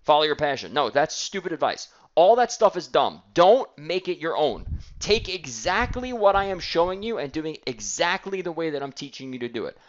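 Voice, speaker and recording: A man's voice: fairly high pitch, sing-song, moderate pace, few pauses, highs cut off. A man giving a blunt sales training talk, acting out calls and mocking timid salespeople.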